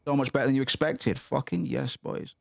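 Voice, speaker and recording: Casting: young man, rambling sweary gamer, dry close mic, mid pitch. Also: steady tone, brisk, vocal fry, dry recording. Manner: sweary, rambling, muttering asides. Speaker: gaming streamer. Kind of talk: casual gameplay commentary.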